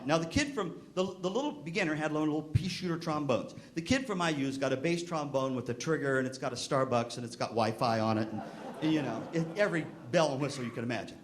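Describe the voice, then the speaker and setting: An older man giving a humorous storytelling talk to band directors, acting out the people in his stories with big jumps in his voice. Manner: lively anecdotal delivery, acting out quoted voices with pitch jumps. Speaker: band music clinician speaking to band directors.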